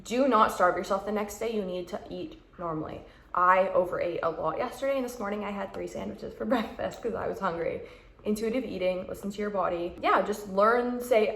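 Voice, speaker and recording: A woman's voice: mid-range voice, fairly quick, gravelly, fairly bright tone. A young woman vlogger giving frank, chatty advice and acting out quoted thoughts. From Canada. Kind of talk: casual advice chat. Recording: roomy echo.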